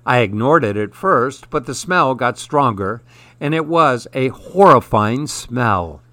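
A man's voice: mid-range voice, animated, unhurried, a bit bright, no room sound. Man reading a storybook aloud, dry sound. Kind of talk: storybook narration.

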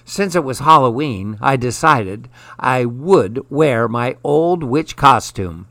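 A man voicing a tall woman in a witch costume, sharp and snippy, for a storybook. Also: mid-range voice, expressive, slow pace, no echo, full character voice. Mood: gentle.

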